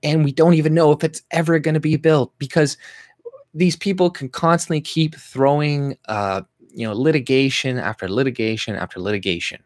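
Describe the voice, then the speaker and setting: A man's voice: a little high, normal speed, no room sound, clean studio sound. A Canadian man hosting his own channel, ranting bluntly and profanely on a livestream while reading viewer comments, with lots of fillers and restarts. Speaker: YouTube channel host.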